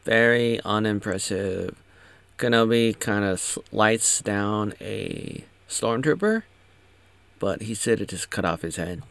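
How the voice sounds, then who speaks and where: A man's voice: fairly low pitch, animated, slow, creaky, fairly bright tone, dry recording. A man giving casual, sarcastic commentary, rambling with many restarts. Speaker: show recap commentator.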